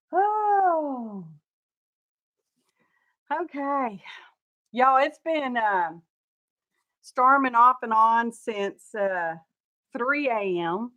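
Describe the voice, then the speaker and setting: A tired, sleepy woman with a drawl hosts a crafting livestream, picked up by her camera mic. Her voice sits fairly high, and she talks in an unhurried, folksy way. She chats warmly with viewers and greets them by name. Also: dull audio. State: sleepy, yawning. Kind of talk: casual livestream chat.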